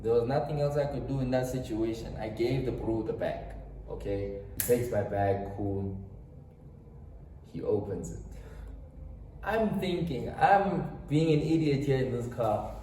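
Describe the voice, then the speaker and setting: Young South African man, dramatic storyteller, mellow tone, echoey room. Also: medium pitch, a little slow, recorded from a distance, a little hiss or hum. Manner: dramatic, quotes voices, slangy asides to viewers. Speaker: storytime vlogger. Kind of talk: animated storytime vlog. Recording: roomy echo, off-mic, faint music.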